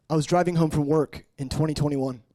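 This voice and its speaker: A man in his late twenties preaching an emotional personal testimony, shifting between hushed murmurs and raised, intense passages. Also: steady tone, normal speed. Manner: earnest, swinging from hushed murmurs to raised, high-pitched intensity.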